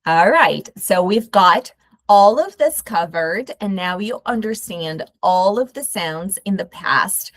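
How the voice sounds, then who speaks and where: A Brazilian woman with a Brazilian Portuguese accent teaching English pronunciation, repeating each word slowly and carefully. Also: mid-range voice, expressive, a bit bright, dry recording, clean studio sound. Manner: slow, careful repetition of words. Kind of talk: pronunciation lesson.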